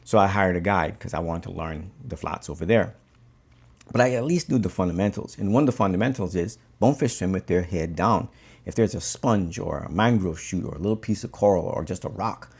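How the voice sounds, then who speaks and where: A man from the Cayman Islands, a bonefish guide, telling a fishing story in a relaxed, conversational way while tying a fly. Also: low-pitched, creaky, breathy edge.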